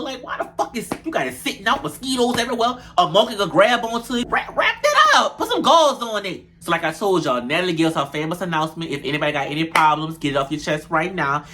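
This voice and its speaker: Animated, profane young man gossiping. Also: fairly high pitch. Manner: animated, profane, gossipy, addresses viewers as y'all. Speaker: reality show reviewer. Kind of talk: casual show review.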